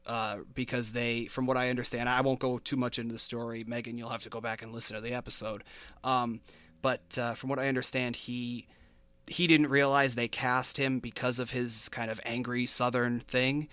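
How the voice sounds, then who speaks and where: A man's voice: medium pitch, level tone, normal speed, bright, forceful tone, smooth, dry recording. A man hosting a podcast, chatting casually and working through his notes with fillers and easy laughter. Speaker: podcast host. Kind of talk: casual chat.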